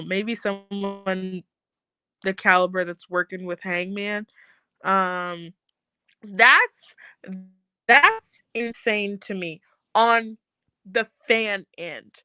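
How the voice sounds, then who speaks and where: A woman's voice: mid-range voice, pushed and bright, smooth, dry recording, highs cut off. A young woman co-hosting a casual chat, blunt, profane and joking. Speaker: podcast co-host.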